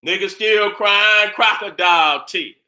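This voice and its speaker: A man with a high, very bright, forceful voice delivers a fired-up monologue from his own channel. He is boastful and combative, swears freely, and keeps circling back to the same phrases while checking that his listeners understand him. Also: unhurried.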